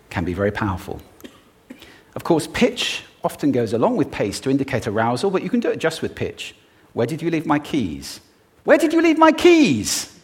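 Lively expressive man giving a talk. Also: medium pitch, fairly quick. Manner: expressive, playful, demonstrates vocal techniques. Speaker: speaker giving a talk on stage. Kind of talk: public talk on voice and speaking. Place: stage before a live audience.

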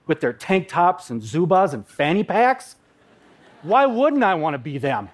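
Storyteller: man from Minnesota, a bit high-pitched, dramatic and wry in his personal story. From Minnesota, USA. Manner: vivid, dramatic, with playful asides.

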